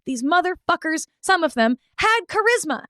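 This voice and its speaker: High-voiced woman, candid podcast talk. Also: sing-song, moderate pace, bright, forceful tone, no room sound, clean studio sound. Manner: candid, swears freely, acts out quoted people. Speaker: podcast co-host. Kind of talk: casual chat, recounting experiences.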